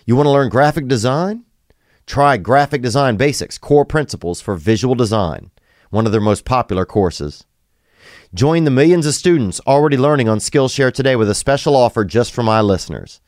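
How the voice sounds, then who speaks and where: A man's voice: mid-range voice, lively intonation, normal speed, a little mellow, dry recording, clean studio sound. A man with a Southern US accent hosting a podcast, reading an ad with loose ad-libs and chatting casually. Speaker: podcast host. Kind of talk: casual chat and read ad.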